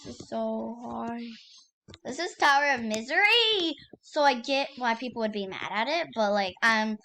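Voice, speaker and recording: A young woman hosting her own gaming channel, giving casual gameplay commentary in an excitable way, repeating exclamations and using lots of fillers. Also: a little high, moderate pace, a little hiss or hum. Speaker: gaming YouTuber.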